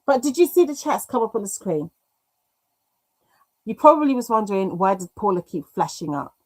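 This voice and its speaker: A British woman hosting a craft livestream, chatting casually and reading comments aloud, self-mocking and quick to laugh, with an occasional cough. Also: medium pitch, expressive. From United Kingdom. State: coughing now and then.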